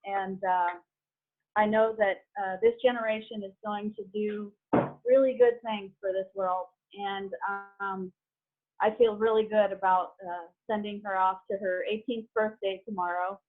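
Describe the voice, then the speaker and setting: A woman's voice: medium pitch, fairly even intonation, a little slow. Shy mother on a tinny call. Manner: hesitant, shy speaker. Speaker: parent of a graduate. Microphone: video call. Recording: tinny phone-like call audio.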